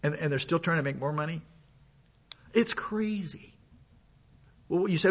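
A man delivers a sermon in a high, bright voice. His manner is folksy and conversational, with plenty of asides, and he is sick with a cough. The recording sounds dull and lo-fi. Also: lively intonation, moderate pace, long pauses, breathy edge. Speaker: pastor.

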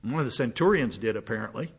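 Folksy older preacher, husky and lo-fi. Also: male voice, medium pitch, lively intonation, fast. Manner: folksy, rambling with frequent fillers and restarts. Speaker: pastor. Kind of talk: sermon. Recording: dull lo-fi sound.

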